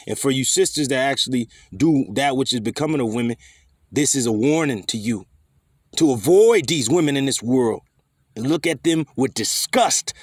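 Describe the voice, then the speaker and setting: A man's voice: medium pitch, no room sound, clean studio sound. A man teaching scripture in a fiery, scolding way, swearing freely and firing rhetorical questions. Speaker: preacher.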